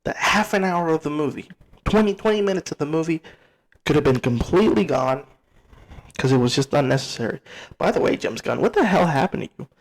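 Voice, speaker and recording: A young man giving a casual spoken movie review, blunt and excitable, repeating words and swearing freely. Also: fairly high pitch, brisk, low-quality recording.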